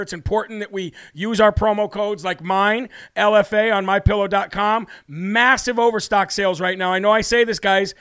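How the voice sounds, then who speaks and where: A man's voice: high voice, fairly bright tone, clear, resonant tone. A man hosting a political talk show, talking in a brash, mocking way with plenty of laughter. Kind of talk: brash casual commentary.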